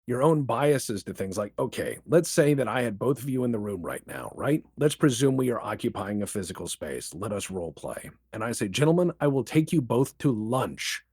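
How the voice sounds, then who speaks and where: A man guest on a podcast, talking casually and firing off rhetorical questions in a lively way. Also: on the low side, husky, no room sound, studio quality. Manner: animated, rapid-fire rhetorical questions. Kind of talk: casual interview chat.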